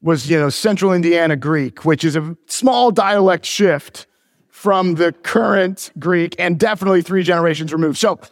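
A man's voice: sits high, normal speed, dry recording, clean studio sound, big-room sound. A pastor in his forties, preaching a sermon in a church, mixing joking teases with earnest preaching. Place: church sanctuary.

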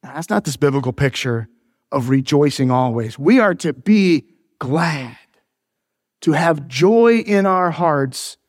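Joking pastor with a higher voice. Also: male voice, expressive, slow pace, no echo, clean studio sound, big-room sound. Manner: joking, teasing, then earnest preaching. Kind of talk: sermon. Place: church sanctuary.

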